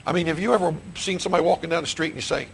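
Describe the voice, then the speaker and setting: Middle-aged male pastor, gravelly slightly high voice, preaching style with repeated questions to the room. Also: rapid-fire, slight background noise, poor audio. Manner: repeats questions to the congregation, restarts phrases. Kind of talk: sermon. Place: church sanctuary.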